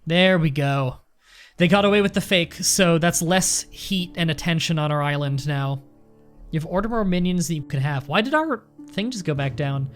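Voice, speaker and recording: A man's voice: fairly high pitch, animated, moderate pace, faint music behind. Chatty man narrating his gameplay. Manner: chatty, rambling, thinking aloud. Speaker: let's play host. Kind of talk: casual gameplay commentary.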